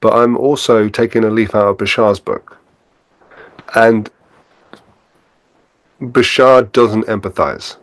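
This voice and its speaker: Low-voiced man telling stories animatedly. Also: slow pace, long pauses, dry recording. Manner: animated storyteller, acts out scenes. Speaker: podcast guest. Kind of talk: casual spiritual conversation.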